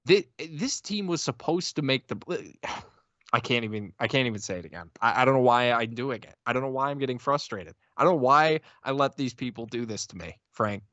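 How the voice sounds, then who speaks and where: A man's voice: mid-range voice, lively intonation, brisk, fairly bright tone, dry recording, highs cut off. A man co-hosting a casual sports podcast, talking in exasperated rants full of stammering restarts. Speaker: podcast co-host.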